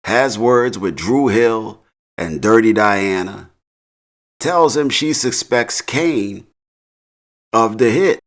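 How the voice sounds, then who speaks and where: A man's voice: on the low side, expressive, slow pace, long pauses. A man casually recapping a TV episode in slang, laughing often. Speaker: TV recap host.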